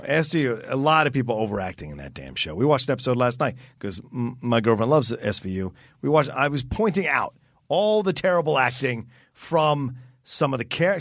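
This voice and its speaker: A man's voice: mid-range voice, dry recording, clean studio sound. A man co-hosting a casual, profane movie chat. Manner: profane, animated, mimics voices. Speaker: podcast co-host.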